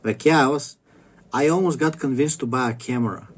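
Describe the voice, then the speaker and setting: A man's voice: medium pitch, brisk, slightly rough. A man ranting to camera in a rambling, stop-start way, swearing constantly. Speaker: vlogger. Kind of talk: profane ranting monologue to camera.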